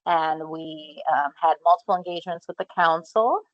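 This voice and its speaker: A woman with a low voice gives a measured, explanatory update at a public meeting. She often pauses on fillers. The sound is dry and a little dull. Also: dry recording. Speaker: clean water division manager presenting at a public meeting.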